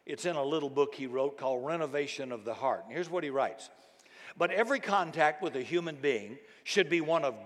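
Man preaching with loud emphatic bursts. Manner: dynamic preaching, bursts into loud emphatic shouts then drops low. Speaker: pastor. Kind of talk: sermon. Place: church sanctuary. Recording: long hall reverb.

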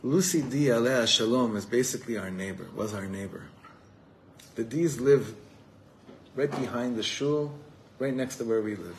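A man's voice: mid-range voice, moderate pace, a little hiss or hum, rough recording. A man from Los Angeles, a rabbi giving an earnest, heartfelt talk to a live evening gathering. He often repeats words while searching for them and weaves Hebrew terms into his speech. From Los Angeles, USA.

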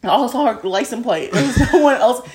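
A woman's voice: on the high side, lively intonation, fast, darkish tone. A young woman co-hosting a podcast, chatting casually and bubbly, often chiming in and laughing. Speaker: podcast co-host. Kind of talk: casual chat.

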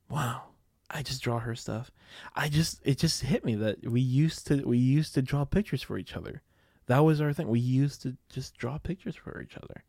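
A man's voice: on the low side, no echo, clean studio sound. A young man hosting a podcast, telling a personal story in a rambling way, with many fillers, casual swearing and laughing at himself. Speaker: podcast host.

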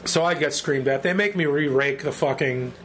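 Animated, profane New York storyteller. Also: male voice, a little high, moderate pace, slight background noise. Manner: profane, animated storyteller who acts out quotes. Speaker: guest, band singer. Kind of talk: casual storytelling interview.

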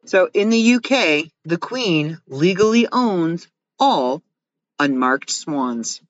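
A giggly woman reads fun facts aloud, making jokes as she goes. Her pitch swings widely from line to line. The recording sounds dull and lo-fi. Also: lively intonation, slow pace. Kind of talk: casual reading of fun facts with quips.

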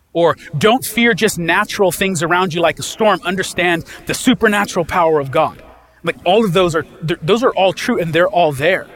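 A man's voice: fairly high pitch, fairly bright tone. A man preaching a sermon as a pastor, talking in a conversational way and often checking in with his listeners.

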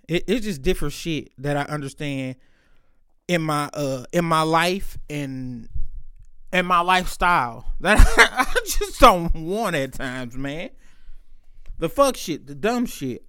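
A man's voice: sits high, bright, forceful tone, clean tone, no room sound, clean studio sound. A man telling a rambling, profane story in a casual monologue, laughing as he goes.

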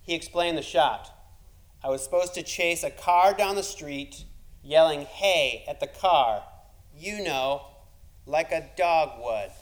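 A man's voice: a little high, unhurried, poor audio. A man telling a comic personal story, wry and self-deprecating, building to punchlines.

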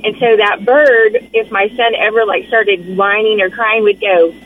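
A woman's voice: medium pitch, fairly even intonation, measured pace. An older woman and grandmother calling in to a radio show to tell a pet story. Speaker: caller. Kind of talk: phone-in story. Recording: dull lo-fi phone line.

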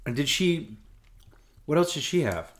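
A man's voice: fairly high pitch, very animated, unhurried. A man co-hosting a podcast, joking and hesitant with many ums in casual chat. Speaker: podcast co-host.

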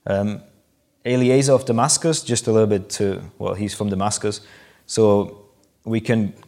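In a fairly low, steady, slightly mellow voice at normal speed, a man preaches a sermon that walks listeners through a scripture passage. He explains things conversationally and raises his voice with rising emphasis to act out the quoted lines.

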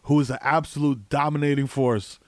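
A man's voice: fairly high pitch, fairly even intonation, a little fast, darkish tone, no echo. A man co-hosting a casual comedic chat, talking in loose, laughing banter. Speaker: podcast co-host.

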